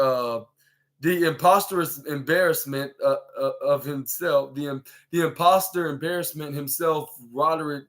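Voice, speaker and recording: A man hosting a podcast, recapping a wrestling show in a halting, rambling way with many fillers and restarts, acting out what the wrestlers said. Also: fairly high pitch, fairly bright tone. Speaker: podcast host.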